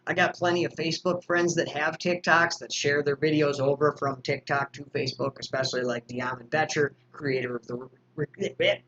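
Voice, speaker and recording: A man's voice: a little high, fairly bright tone, highs cut off, a little hiss or hum. A man hosting a recovery livestream, chatting casually as he reads viewer comments, joking around and swearing freely. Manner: loose and joking, with frequent swearing and slang.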